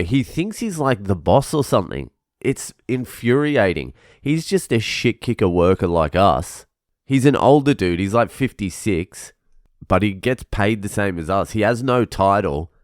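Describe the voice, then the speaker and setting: Deep-voiced swearing young man. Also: no room sound, studio quality. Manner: swears constantly, ranting. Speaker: vlogger. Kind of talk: casual venting monologue.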